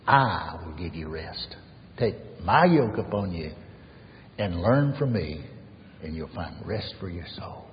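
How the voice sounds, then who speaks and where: A man preaching an earnest sermon as pastor, swinging from raised emphasis to soft near-whispers. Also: deep voice, expressive, measured pace, long reverb tail, dull audio, a little hiss or hum.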